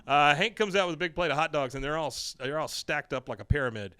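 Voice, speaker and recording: A man's voice: a little high, lively intonation, fast talker, pushed and bright, smooth, no echo. Podcast host, man, casual plot recap, clean and dry. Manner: reads episode plot with quoted lines, laughs often.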